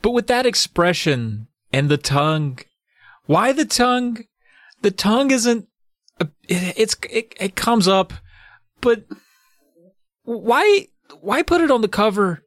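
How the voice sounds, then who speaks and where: A man's voice: sits high, very animated, takes it slowly, long pauses, fairly bright tone, no room sound, studio quality. A man co-hosting a casual chat podcast, joking and playful. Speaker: podcast co-host.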